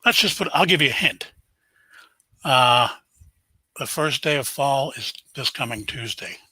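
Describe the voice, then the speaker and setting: A man's voice: mid-range voice, animated, unhurried, bright, forceful tone, breathy edge, no echo, rough recording. An older man, hosting a casual live stream, chatting and greeting viewers by name.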